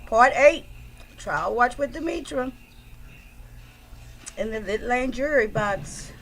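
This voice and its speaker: A woman's voice: on the high side, takes it slowly. Chatty woman streaming live. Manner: chatty, animated, greets viewers by name. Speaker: livestream host commenting on trial footage. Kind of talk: casual livestream chat.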